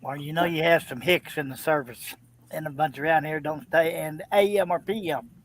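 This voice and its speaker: A man's voice: on the high side, normal speed. A man co-hosting a casual live stream, teasing with dry humor.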